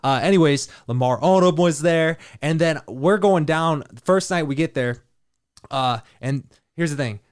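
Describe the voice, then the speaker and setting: A young adult man hosting a podcast, telling a story in a loose, animated way and laughing often. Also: on the high side, measured pace, clean tone. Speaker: podcast host, dating coach. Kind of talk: casual storytelling chat.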